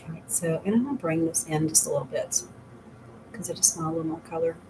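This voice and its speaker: Middle-aged lady chatting thru a makeup tutorial, lowish voice, rambly, laughs a lot, faint hum behind. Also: quick pace. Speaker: makeup consultant. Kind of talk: casual makeup tutorial chat.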